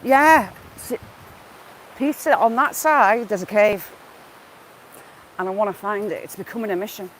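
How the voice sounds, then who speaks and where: A woman's voice: mid-range voice, measured pace, long pauses, poor audio. A woman vlogging a walk along a river, chatting casually and greeting viewers by name as she goes. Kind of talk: casual live-stream walk chat. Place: outdoors by a wooded river. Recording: faint outdoor background noise.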